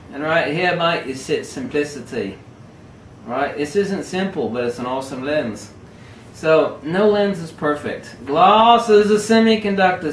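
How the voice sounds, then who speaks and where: A man delivers a sardonic, emphatic vlog rant in a fairly high voice. He sits back from the mic in an echoey room, with faint hiss under him. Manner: animated, emphatic, sardonic ranting. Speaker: photography vlogger. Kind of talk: ranting camera-gear vlog. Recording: roomy echo, mic at a distance.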